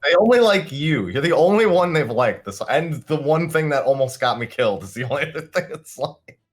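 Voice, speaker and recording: A man's voice: a little high, expressive, a little fast. A man playing a tabletop game, grumbling in exasperation about his dice. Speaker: player. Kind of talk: casual tabletop game chat.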